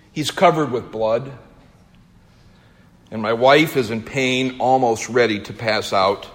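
A man delivering a theatrical first-person monologue, slow and emotional, his voice rising in urgent swells. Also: medium pitch. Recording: long hall reverb.

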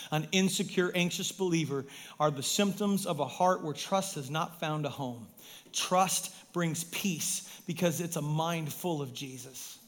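A man, a pastor, preaching a sermon in an emphatic way, swinging from loud stresses down to hushed, quiet lines. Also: on the high side, a little slow.

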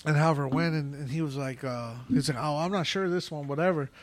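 A podcast co-host with a fairly high male voice talks fast on a dry recording. He tells loose stories in a casual chat, swearing heavily and laughing often.

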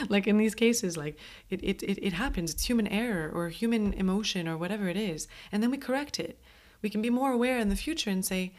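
A woman's voice: mid-range voice, animated, a little fast, a little mellow. A woman hosting a podcast, talking casually about mindfulness, laughing often and acting out inner voices, with many restarts. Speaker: podcast host.

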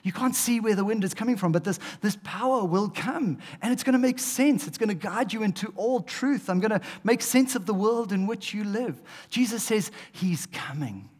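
A man preaching a sermon, animated, swinging between loud emphasis and hushed asides. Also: high-pitched, normal speed, few pauses. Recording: long hall reverb.

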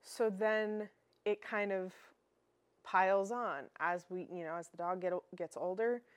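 A woman's voice: medium pitch, a little slow, no room sound. A young woman hosting a dog training podcast, explaining in a casual, chatty way with fillers and restarts.

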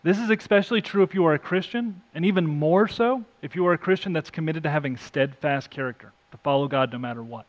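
A male pastor preaching an earnest sermon, reading scripture aloud, rising for emphasis and dropping soft. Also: on the high side, fast, hardly any pauses. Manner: self-deprecating asides.

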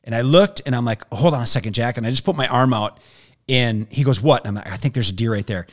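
Man, mid-pitched voice, animated storytelling, acts out voices. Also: fast.

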